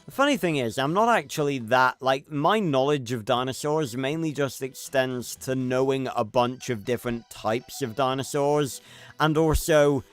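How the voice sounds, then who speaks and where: A man's voice: medium pitch, normal speed, clean tone, faint music behind. A man livestreaming a game, chatting casually and rambling with lots of fillers and restarts. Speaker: streamer. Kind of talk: casual gameplay livestream chat.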